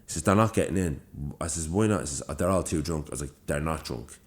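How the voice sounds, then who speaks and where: Deep-voiced young Dublin man, storytelling. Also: fast talker. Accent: Dublin Irish. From Ireland. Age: young adult. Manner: animated storyteller, swears freely, acts out quoted lines. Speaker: podcast co-host. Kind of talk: casual storytelling chat.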